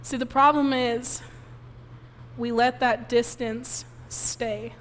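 A woman's voice: fairly high pitch, steady tone, takes it slowly, slight background noise. Tearful woman preaching in a reverberant hall. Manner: emotional personal testimony, tearful at times. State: crying softly. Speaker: pastor. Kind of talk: sermon.

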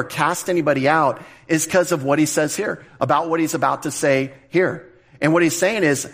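A man preaching a conversational sermon in a slightly higher voice than most men. He often restarts his words and slows down to stress key phrases. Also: a bit bright, slightly rough. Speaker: pastor. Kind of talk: expository sermon.

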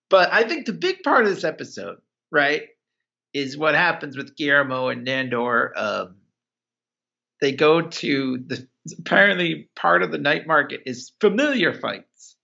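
Gravelly bright-voiced man, rambling chat. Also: a little high, animated, a little slow, highs cut off. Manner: rambling, many "like"s, acts out characters. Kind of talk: casual podcast recap chat.

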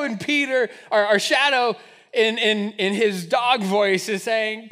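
A man in his thirties preaching a sermon to his church, telling a personal story with animated, self-mocking humor. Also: very high-pitched, normal speed. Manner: storytelling, animated, laughing at himself. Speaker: pastor. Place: church sanctuary.

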